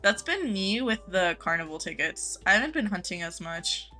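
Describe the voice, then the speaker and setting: A woman's voice: medium pitch, sing-song, normal speed, pushed and bright, soft background music. A young woman live-streaming a game, chatting casually with viewers, greeting them by name and gushing over cute things.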